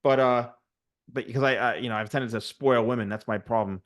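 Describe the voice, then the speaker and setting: A man of middle pitch talks casually as an interview guest, speaking from his home office over a video call. He often stops and restarts his sentences with fillers. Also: steady tone, fairly quick. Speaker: guest, hair stylist and YouTuber.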